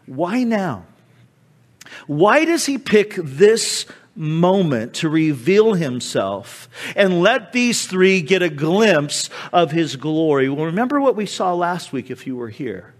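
Male pastor, high-pitched, dramatic sermon delivery with sharp dynamic shifts. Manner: dramatic, acting out quoted speech with sudden drops and swells.

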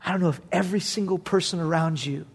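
A man preaching a sermon to his congregation, animated and swinging from loud bursts to hushed near-whispers. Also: high voice, quick pace, creaky, husky. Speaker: pastor.

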